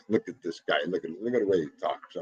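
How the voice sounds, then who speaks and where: A middle-aged man hosts a casual livestream, talking back to his viewers in a loose, chatty way. His voice sits low and has a husky edge. The sound is dry and close, with no room around it. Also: a little mellow, dry recording, lo-fi sound. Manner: chatty, laughing, talks back to the chat. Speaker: livestream host. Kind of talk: casual chat with live viewers.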